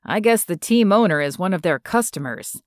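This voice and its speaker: A woman's voice: lowish voice, lively intonation, moderate pace, dry recording, clean studio sound, lightly acted. A woman voicing a young man who works at a bar, matter-of-fact and explaining things, in an audiobook.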